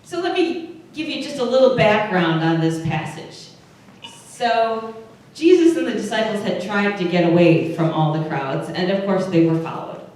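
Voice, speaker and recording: Mid-range and slightly dark, this woman's voice belongs to a pastor with an Upper Midwest American accent giving a conversational sermon. She's chatty and quizzes her congregation. The sound is far off and very echoey, captured in a church service room.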